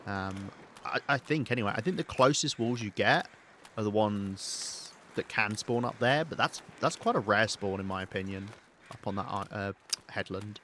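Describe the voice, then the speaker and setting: Casual male streamer, low voice, loose thinking-aloud commentary. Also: lively intonation, moderate pace, fairly bright tone, a little hiss or hum. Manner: chatty, rambling, thinks aloud while playing. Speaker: game streamer. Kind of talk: live-streamed let's play commentary.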